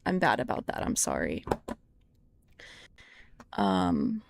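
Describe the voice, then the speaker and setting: A woman's voice: very deep voice, wildly swooping pitch, takes it slowly, vocal fry. A young American woman livestreaming in casual chat, rambling and easily surprised, now and then swearing when startled. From United States. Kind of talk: casual live-stream chat.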